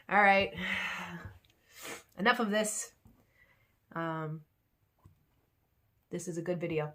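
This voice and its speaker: Lower-voiced woman rambling a self-pep-talk. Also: takes it slowly, pauses often, a bit bright. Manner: repetitive, self-encouraging, rambling. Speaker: vlogger.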